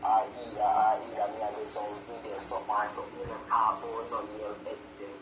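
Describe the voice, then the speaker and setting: A man's voice: lowish voice, monotone, brisk, background noise. A young man with a Jamaican accent, dismissively denying an accusation on a call. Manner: dismissive, insistent denials. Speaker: vlogger's brother. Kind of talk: casual call, defending himself.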